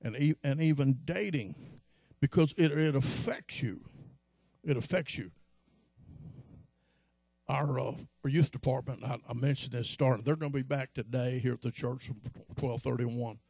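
A man's voice: normal speed, gravelly, a little mellow, no room sound, clean studio sound. A man preaching a sermon as pastor, telling stories from his life and acting out quotes. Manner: storytelling, acts out quotes in a high voice.

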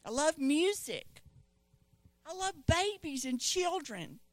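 A middle-aged woman, preaching a sermon and retelling scripture stories in an animated way. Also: high voice, takes it slowly, dry recording. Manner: storytelling, animated quoting of scripture voices.

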